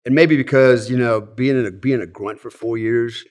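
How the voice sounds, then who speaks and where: A middle-aged man from the United States, a former soldier telling stories in a relaxed, casual way, with many fillers and asides. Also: mid-range voice, moderate pace. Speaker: guest, former Delta Force soldier. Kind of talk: casual storytelling.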